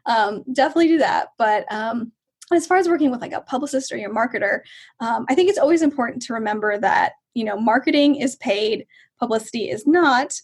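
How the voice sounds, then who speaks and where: Breathy high-voiced woman author. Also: a little fast. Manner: chatty, laughs often, quotes people in lively asides. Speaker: author guest. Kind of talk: casual interview chat.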